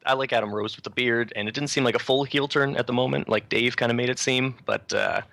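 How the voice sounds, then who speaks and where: A man's voice: mid-range voice, fairly even intonation, fast talker, vocal fry, sharp tone, no room sound. A man from Canada co-hosting a casual wrestling chat over a call, laid-back and hesitant, laughing often. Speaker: podcast co-host. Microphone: remote call.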